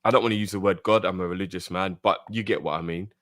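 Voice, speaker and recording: A man's voice: deep voice, fairly even intonation, fast, a bit bright, dry recording, studio quality. A man co-hosting a fan talk show, arguing heatedly and repeating his points insistently. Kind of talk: heated debate, arguing the club's side.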